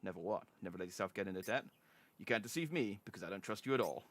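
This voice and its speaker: A man voicing a cold, greedy male debt collector, talking lower and quieter than his own voice in a stern, clipped, lecturing way. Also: animated, quick pace, no echo.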